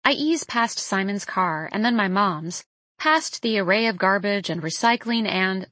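A young woman narrating a novel in the first person, in a reflective, intimate, measured way. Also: mid-range voice, expressive, a bit bright, no echo. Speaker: audiobook narrator.

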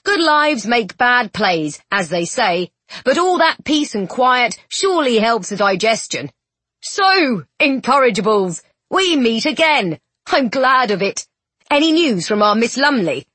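Lady voicing a friendly joking young actor guy, bouncy up-and-down voice, kinda husky. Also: fairly high pitch, very animated, measured pace, fairly bright tone, no echo, full character voice. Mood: cheerful. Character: cheerful, easygoing young man, a stage actor.

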